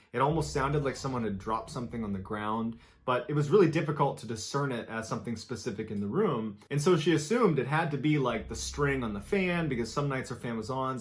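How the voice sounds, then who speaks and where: Man narrating a true scary story. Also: medium pitch. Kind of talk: scripted horror narration.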